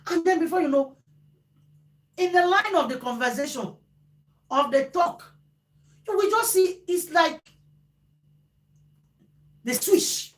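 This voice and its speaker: A woman talking casually to viewers as host, animated and repeating phrases for emphasis. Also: very high voice, takes it slowly, pauses often. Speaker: vlogger host. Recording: echoey room.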